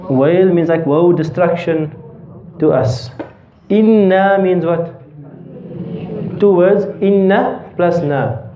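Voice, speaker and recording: A man's voice: fairly high pitch, a little hiss or hum. A man teaching a grammar class. He quizzes the students, answers his own questions and repeats the key terms. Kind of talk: classroom lesson. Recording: roomy, dull lo-fi classroom recording.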